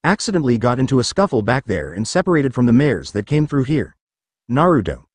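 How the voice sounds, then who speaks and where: A man's voice: mid-range voice, sing-song, brisk. A man voicing a young stallion pony, a wry, grumbling hero in a storybook reading.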